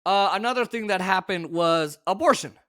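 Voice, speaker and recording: On his political commentary program, a man vents opinions in a sarcastic, exasperated tone, breaking out in sudden yells. His voice is high-pitched and his pace moderate.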